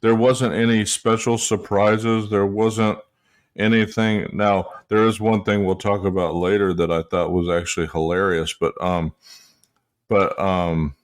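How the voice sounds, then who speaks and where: Man, podcast host, very low pitch, casual chat, lots of ums. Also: flat delivery. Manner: unhurried, hedging with ums.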